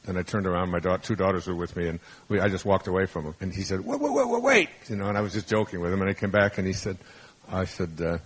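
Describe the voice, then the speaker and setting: Husky older man telling stories. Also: sits low, little pitch movement, quick pace. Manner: rambling, anecdotal, lots of restarts. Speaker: motivational speaker. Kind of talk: storytelling lecture to a live audience.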